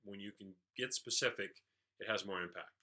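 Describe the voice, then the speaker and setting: A man's voice: lowish voice, a little fast, sharp tone. A man leadership trainer giving an explanatory recap of a training session, with frequent "uh" fillers.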